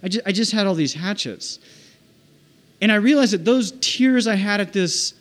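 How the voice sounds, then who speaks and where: Man, slightly high voice, personal storytelling, halting, reflective, frequent restarts.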